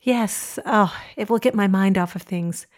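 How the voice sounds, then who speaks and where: An actress playing an anxious young pregnant wife in an audio drama, speaking softly and stammering. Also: female voice, mid-range voice, a little slow, close to an everyday voice. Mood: relieved, guarded. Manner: hesitant, stammering, soft-spoken.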